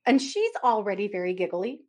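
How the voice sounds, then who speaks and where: A woman co-hosts a casual podcast chat and tells a family story at length. She laughs often and acts out what each person said. Her voice sits at an ordinary mid pitch. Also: sing-song, a little fast, darkish tone. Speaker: podcast co-host.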